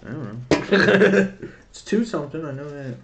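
A man's voice: fairly high pitch, animated, unhurried, reverberant, a crowd in the background. A man bantering with a friend during a card unboxing, making short joking remarks, swearing and laughing often. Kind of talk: casual banter.

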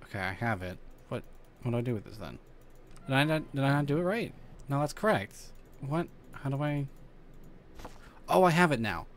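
A man streaming a horror game, talking to himself, swearing and yelling at the game as he plays. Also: mid-range voice, lively intonation, moderate pace, long pauses, a little hiss or hum. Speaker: gaming streamer. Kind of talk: let's play commentary.

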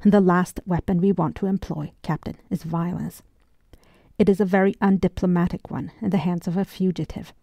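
Woman reader doing a soothing, reasonable young male lieutenant in an audiobook, low voice. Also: steady tone, normal speed, vocal fry, no room sound, dull audio. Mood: placating.

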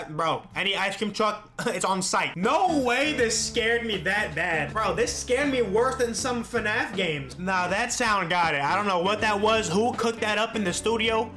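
A young man commentating a horror game let's play, talking to the game characters and yelping and swearing when he gets startled. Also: sits high. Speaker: gaming YouTuber. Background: game music.

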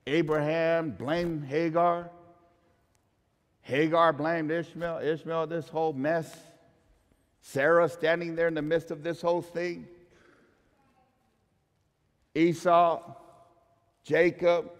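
A high-pitched man preaches a sermon in a church, his voice carrying a long reverb from the hall. He is in his thirties, and he swings his delivery between loud, emphatic declarations and soft, hushed lines. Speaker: pastor.

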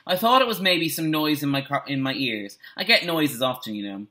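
A male teacher voicing a grumpy, deaf old caretaker in a read-aloud story, shouting and scornful. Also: fairly high pitch, lively intonation, a little fast. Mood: grumbling.

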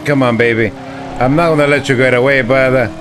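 A man streaming a retro driving game, excitably talking to the game and getting frustrated as he plays. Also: mid-range voice, fast talker. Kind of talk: live gameplay commentary. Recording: noisy with game car sounds.

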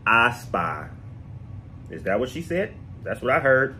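A man's voice: medium pitch, sing-song, unhurried, bright, forceful tone, low-quality recording. A man hosting a music reaction channel, joking and talking straight to his viewers in a casual, playful way.

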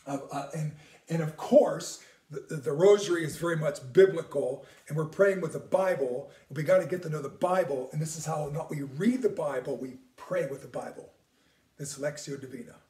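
Man, priest, earnest teaching, repeats words, soft near-whispers, echoey room. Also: fairly high pitch, normal speed, recorded from a distance. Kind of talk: teaching on prayer.

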